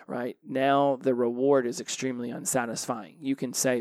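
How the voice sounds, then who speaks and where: On his solo podcast, a man coaches listeners about habits in a relaxed, conversational manner, often repeating and restarting words. His medium-pitched voice is somewhat mellow, with fairly even intonation, a moderate pace and no room sound.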